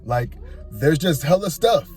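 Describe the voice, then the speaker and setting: A man's voice: on the high side, lively intonation, a little slow, darkish tone. A man voicing a laid-back young male coworker who talks in drawling street slang.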